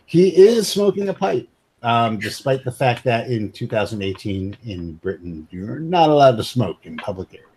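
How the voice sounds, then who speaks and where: A man's voice: mid-range voice, very animated, moderate pace, a little mellow, a little hiss or hum. A man narrating a tabletop game as game master, laid-back and rambling.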